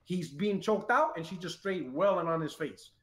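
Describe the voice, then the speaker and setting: Animated high-voiced New man. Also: moderate pace, roomy sound. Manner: animated, swearing, quotes people in raised voice. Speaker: podcast guest telling stories. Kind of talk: casual storytelling.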